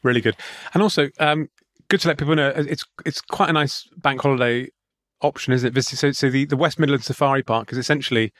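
Male podcast co-host, middle pitch, rambling absurd banter, dry studio sound. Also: fairly quick, few pauses, dry recording. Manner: rambling, deadpan absurd riffs, frequent restarts. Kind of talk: comedic banter.

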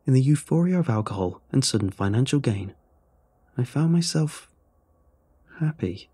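A man narrating a horror story in a measured, brooding way. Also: medium pitch, expressive, dark tone, husky.

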